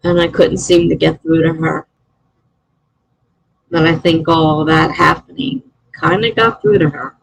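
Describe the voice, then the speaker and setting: A woman's voice: low voice, steady tone, measured pace, gravelly, husky, dry recording, low-quality recording. A middle-aged woman chatting casually on a live stream, answering chat messages and laughing often.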